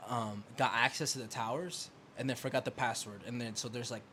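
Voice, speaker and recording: A man's voice: medium pitch, steady tone, a little fast, bright, forceful tone, a little hiss or hum. A young man co-hosting a podcast, telling a story in casual chat, swearing freely and acting out his arguments with a phone company. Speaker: podcast co-host.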